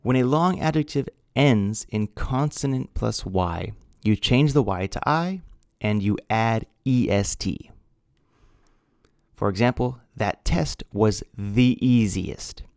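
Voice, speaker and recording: A man teaching an English grammar lesson, speaking slowly and deliberately, spelling out letters and repeating key words. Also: on the low side, expressive, gravelly, a little mellow, no echo, clean studio sound. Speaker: ESL teacher.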